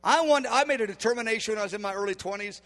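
Man in his 50s giving a sermon, really high voice, punchy and emphatic, big echoey hall. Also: rapid-fire, fairly bright tone. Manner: emphatic, acts out dialogue in quotes. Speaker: preacher. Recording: long hall reverb.

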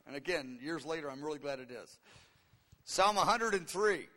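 A man in his fifties preaching a sermon in an animated way, acting out voices in the story with sudden leaps in pitch. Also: normal speed, big-room sound. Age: 50s.

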